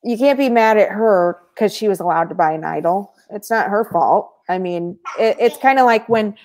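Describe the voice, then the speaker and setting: A woman as a podcast guest, telling stories in a casual, animated way with frequent laughter. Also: medium pitch, normal speed, slight background noise. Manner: animated, laughs often mid-story, many fillers. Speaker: podcast guest, former reality show contestant. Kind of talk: casual storytelling chat.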